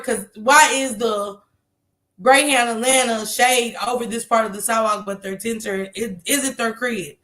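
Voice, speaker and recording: A woman's voice: on the high side, pushed and bright. A woman telling a story to her live chat in a casual way, laughing often and acting out what other people said.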